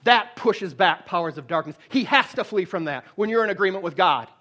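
Animated and a little fast, the man's sermon moves from loud, emphatic declarations to quiet, hushed storytelling. Restarts come often, with words repeated.

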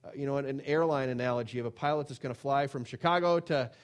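A man preaching a sermon in an earnest, conversational way, often pausing with fillers. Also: medium pitch. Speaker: pastor.

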